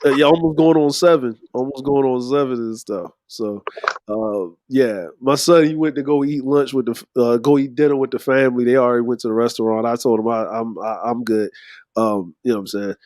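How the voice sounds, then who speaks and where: A man's voice: medium pitch, brisk, darkish tone, dry recording. Man, stream host, laid-back, filler-heavy chat, dry close mic. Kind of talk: casual live-stream chat.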